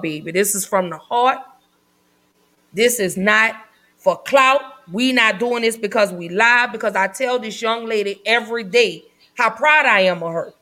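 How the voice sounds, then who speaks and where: A woman hosting a casual live podcast, talking in an effusive, affectionate way with drawn-out phrasing. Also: mid-range voice, a bit bright, poor audio. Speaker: podcast host.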